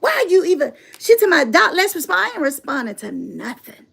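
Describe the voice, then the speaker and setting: A woman's voice: high voice, wildly swooping pitch, brisk, vocal fry. A middle-aged woman talking casually to her audience in a sassy, emphatic way, laughing often and repeating herself for effect. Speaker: motivational speaker and channel host. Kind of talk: casual livestream monologue.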